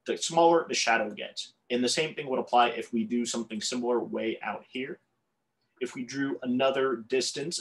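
Man, calculus teacher, explaining at a board, stumbles over words, corrects himself, mid pitch. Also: fairly bright tone. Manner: tongue-tied, self-correcting, apologetic asides. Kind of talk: whiteboard math lesson.

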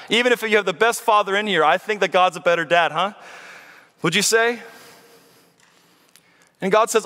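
Earnest high-voiced preacher in a reverberant church. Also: male voice, a little fast, bright, forceful tone. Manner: earnest, pleading, rhetorical questions. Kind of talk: sermon. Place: church sanctuary. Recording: long reverb of a church hall.

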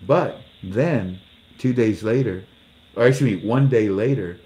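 A man's voice: lowish voice, measured pace, dark tone. A man reading news articles aloud and mocking them with sarcastic jokes and acted-out exchanges. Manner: sarcastic, jokey, acts out little dialogues; laughs at his own jokes. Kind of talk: casual commentary.

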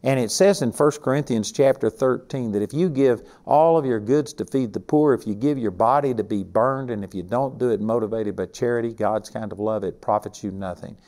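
Casting: older Texan man, Bible teacher, folksy and emphatic, mid-pitched. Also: brisk, few pauses, dark tone. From Texas. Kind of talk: teaching sermon.

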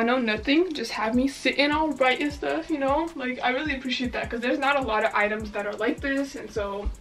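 A woman's voice: a little high, fairly bright tone, distant mic. A young woman doing a fashion try-on haul, bubbly and gushing, with lots of "like" filler. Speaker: fashion vlogger.

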